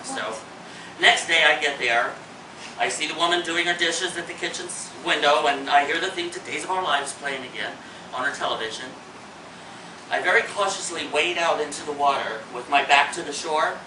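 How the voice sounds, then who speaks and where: A man's voice: on the high side, sharp tone, recorded from a distance. A man from Indiana performing a comic one-man storytelling show, acting out his panic with shrieked lines. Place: theater stage with a live audience. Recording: roomy hall, mic from afar, noisy.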